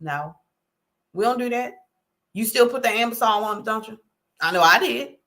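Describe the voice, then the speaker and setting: A middle-aged woman hosting a casual talk, folksy and animated, often checking in with "okay?". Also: on the high side, moderate pace. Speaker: host. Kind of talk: casual talk to a live audience.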